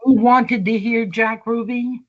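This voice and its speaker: Heard through a muffled recording, this older woman speaks a little high with fairly even intonation. She's in a long-form conversational interview, slowly spinning long stories and performing the quoted lines as she goes.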